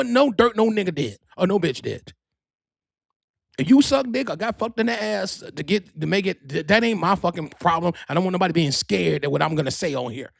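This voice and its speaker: A male podcast host with a high, husky voice that carries gravel and fry. He rambles through profane gossip in lively swoops of pitch. The room sounds dry and close. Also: dry recording. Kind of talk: casual storytelling monologue.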